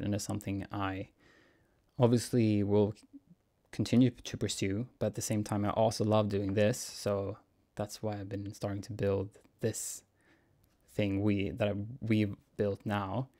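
A young man, a cellist answering viewer questions in a relaxed, musing Q&A vlog, chuckling often. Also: lowish voice, normal speed. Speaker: cellist and YouTuber. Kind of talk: casual Q&A vlog.

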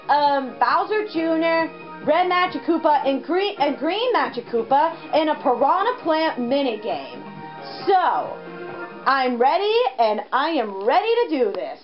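A young woman giving excitable let's play commentary, with frequent exclamations. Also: sits high, dull audio. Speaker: gamer.

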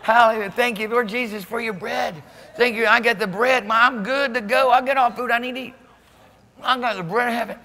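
Pastor guy preaching hard, bright high voice, goes soft then shouts, big church hall echo. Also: fairly even intonation, a little fast, a faint crowd, a little hiss or hum. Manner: fervent preaching, swings from quiet to shouting. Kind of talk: sermon. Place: church sanctuary.

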